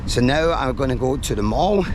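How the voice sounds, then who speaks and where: A man's voice: mid-range voice, animated, moderate pace. Chatty Scottish man vlogging over noise. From Scotland. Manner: chatty, enthusiastic, rambling with fillers. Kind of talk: casual chat to camera. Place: out and about, then indoors in a cabin. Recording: noisy background.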